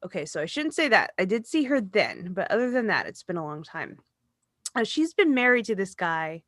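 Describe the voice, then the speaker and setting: Bright, chatty woman telling a story. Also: mid-range voice, sing-song, moderate pace, no room sound, studio quality. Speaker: podcast co-host. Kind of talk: casual chat.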